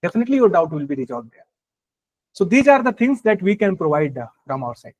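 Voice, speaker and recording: A man teaching an online class, reassuring and hurried, with many fillers. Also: high voice, sing-song, low-quality recording. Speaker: course instructor. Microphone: video call.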